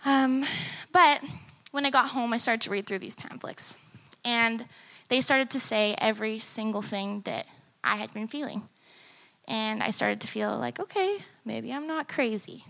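Bright-voiced young woman sharing a testimony. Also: fairly high pitch. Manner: conversational, acts out remembered dialogue. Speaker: conference speaker and musician. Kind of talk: personal testimony talk. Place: conference stage before teens.

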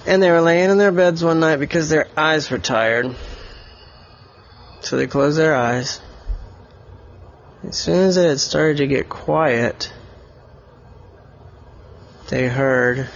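A man spins an improvised bedtime story in a fairly high voice, rambling and animated as he goes. The recording is dull and lo-fi. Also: slow pace, long pauses, slight background noise. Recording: dull lo-fi sound.

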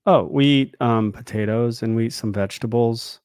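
A man in his thirties co-hosting a podcast, talking in an animated, opinionated way that trips over repeated words. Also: medium pitch, normal speed, clear, resonant tone, no room sound, clean studio sound. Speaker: podcast co-host. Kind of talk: casual chat.

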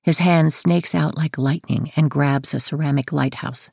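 A woman narrating her own memoir audiobook in a steady first-person storytelling manner. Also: deep voice, unhurried, vocal fry, breathy edge, no room sound, clean studio sound.

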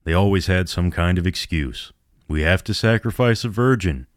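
A man voicing a gruff, foul-mouthed middle-aged innkeeper in a horror audiobook, grumbling and then barking challenges. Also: deep voice, lively intonation, normal speed, dry recording, clean studio sound.

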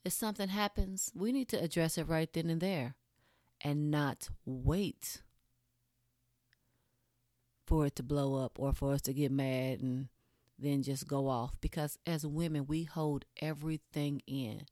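A woman's voice: low-pitched, steady tone, a little slow, dark tone, no room sound, studio quality. A woman giving a casual, blunt monologue straight to her audience, candid and swearing freely.

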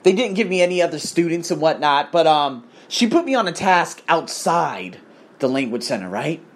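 A man's voice: on the high side, very animated, normal speed. An American man hosting a podcast, telling a story in a crude, emphatic, ranting way. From United States. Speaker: podcast host. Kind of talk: casual storytelling.

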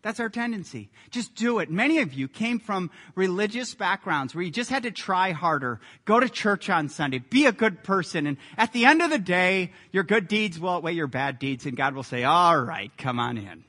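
A male pastor delivers a sermon with earnest, emphatic conviction that swells to loud peaks. His voice sits high and rings bright. The sound carries the long reverb of a large hall. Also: big pitch swings, moderate pace, few pauses. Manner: earnest, emphatic preaching with rising intensity.

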